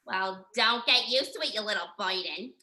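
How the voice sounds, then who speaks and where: A woman playing a snobbish, bossy suburban mother in an amateur comedy sketch, talking in a shrill, scornful way. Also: normal speed, bright, forceful tone. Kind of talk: amateur comedy sketch over video call. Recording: echoey room.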